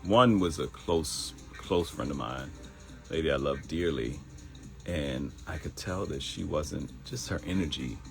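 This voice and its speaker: A man's voice: a bass voice, measured pace, gravelly, faint music behind. A man hosting a live morning talk stream, speaking in a motivational way, repeating phrases and laughing at his own jokes. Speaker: host of a live morning show.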